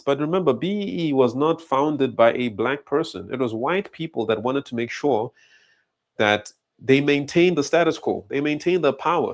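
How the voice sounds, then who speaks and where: A man giving indignant, emphatic reaction commentary. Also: medium pitch.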